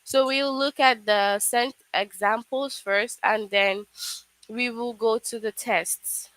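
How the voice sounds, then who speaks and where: A woman's voice: on the high side, steady tone, takes it slowly, fairly bright tone, no room sound, poor audio. A woman teaching a live online English lesson to children, explaining patiently step by step with frequent "okay"s.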